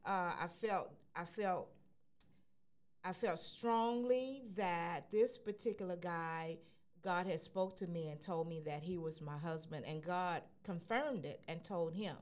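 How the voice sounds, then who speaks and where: Woman with a slightly low voice, earnest, a bit halting, speaking as a radio co-host. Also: darkish tone. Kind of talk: casual personal testimony.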